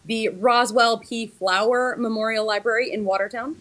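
A woman's voice: fairly high pitch, fairly even intonation, normal speed, fairly bright tone. A woman in her thirties, a librarian guest speaking over a video call, with many ums and restarts. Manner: hesitant, frequent ums and restarts.

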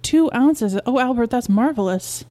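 A woman's voice: mid-range voice, quick pace, close to an everyday voice. A woman voicing Mabel, an anxious, worn-out young mother who swings from tearful to fussing, in a story reading. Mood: delighted. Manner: tearful, then excited and fussing.

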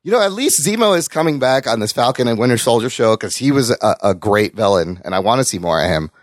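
Animated, cursing male podcast co-host. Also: medium pitch, quick pace, no room sound, clean studio sound. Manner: animated, profane banter, reads listener comments. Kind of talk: casual chat.

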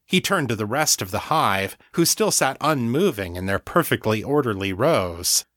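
A man narrating fiction in an unhurried, expressive storytelling manner. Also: mid-range voice, no room sound, studio quality. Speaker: audiobook narrator.

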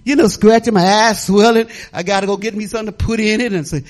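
A middle-aged woman pastor preaching a sermon in a lively, folksy way, laughing and talking back to the congregation. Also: mid-range voice, quick pace, few pauses.

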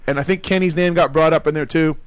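A man's voice: fairly high pitch, fast talker, clear, resonant tone, dry recording. A man hosting a podcast, telling a story in casual chat and acting out the quoted lines. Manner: animated, acts out quotes. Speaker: podcast host.

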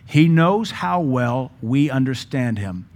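In mid-sermon, a male pastor addresses his church with lively humor, driving points home in sudden emphatic bursts before easing back into plain talk. His voice is mid-range and his pace slow.

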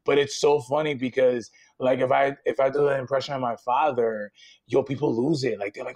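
A man talking as a podcast guest in animated, rambling casual chat, swearing casually. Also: mid-range voice, brisk.

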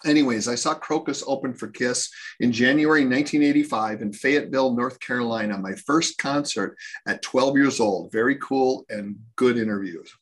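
Matter-of-fact man, husky voice, reads comments aloud. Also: mid-range voice, moderate pace, hardly any pauses. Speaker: co-host reading comments. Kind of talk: casual podcast banter.

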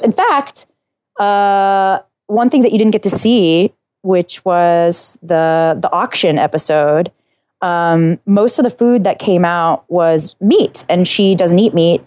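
A woman interview guest chatting excitedly, rambling with lots of fillers and restarts. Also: on the low side, a little slow, dry recording. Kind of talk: casual interview chat.

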